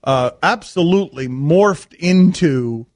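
Radio host guy riffing and cracking up, pretty high voice. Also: lively intonation, slow pace, a little mellow, no room sound, studio quality. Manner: storytelling, laughing often. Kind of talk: animated radio banter.

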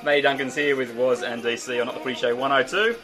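A man's voice: medium pitch, steady tone, fast talker, over music. An Australian man hosting a casual sports chat show, chatty and joking. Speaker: host.

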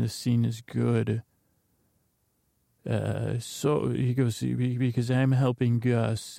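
A podcast host casually recaps a TV episode in a rambling, jokey way, doing loose quoted voices for comedic effect. He has a mellow, mid-range voice with vocal fry, and the studio sound is clean and echo-free.

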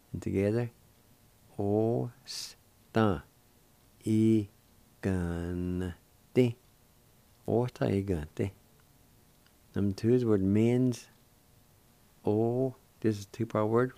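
Slow, careful man teaching pronunciation. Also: fairly low pitch, creaky, dark tone, no room sound. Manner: spells and sounds out words syllable by syllable. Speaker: Cherokee language teacher and radio host. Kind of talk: radio language lesson.

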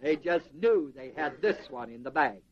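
A man preaching a sermon in an animated way, quizzing the congregation with questions. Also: a little high, moderate pace. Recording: dull lo-fi sermon recording.

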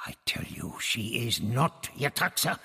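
A man reading an audiobook, voicing a scheming high priest in a low, sneering, hushed voice. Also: very animated, measured pace, creaky, breathy edge, big-room sound, full character voice. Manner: sneering, commanding.

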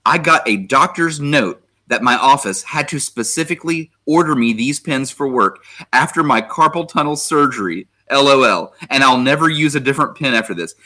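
A man's voice: mid-range voice, lively intonation, normal speed, hardly any pauses, sharp tone. A man hosting a casual podcast chat, enthusiastically reading listener comments aloud and swearing casually. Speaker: podcast host.

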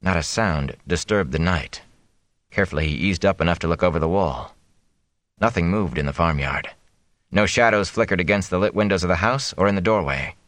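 A man narrates a novel aloud in a steady, measured way. His voice is very deep, and the recording is dry and close. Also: no echo. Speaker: audiobook reader. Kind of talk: audiobook narration.

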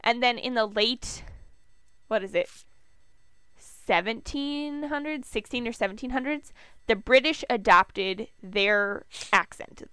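A woman's voice: on the high side, measured pace, bright, forceful tone, clean tone, no room sound. A young woman with a Minnesotan accent, co-hosting a podcast in a chatty, rambling way. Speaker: podcast co-host. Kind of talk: casual chat.

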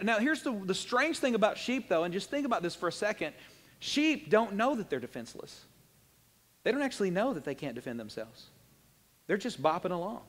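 A pastor preaching a lively, joking sermon and acting out little voices. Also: male voice, sits high, long reverb tail. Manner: animated, jokey, acts out little voices.

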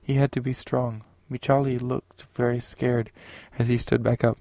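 A man narrating a science fiction audiobook in a steady, unhurried way. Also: mid-range voice, dry recording.

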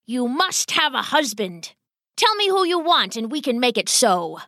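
A woman's voice: sits high, sing-song, normal speed, pushed and bright, no room sound, studio quality, pitched above the performer's own voice, heavily acted. A woman voicing an old, pompous, dramatic male rat father in a storybook tale, blustering and theatrical. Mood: doting.

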